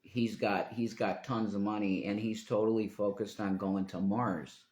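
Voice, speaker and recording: A man with a low-pitched voice rambles through a live stream, drifting between thoughts and swearing freely. He often trails off mid-sentence. The sound is roomy, with a clear echo around his voice. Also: fairly even intonation, normal speed, a little mellow. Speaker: livestreamer.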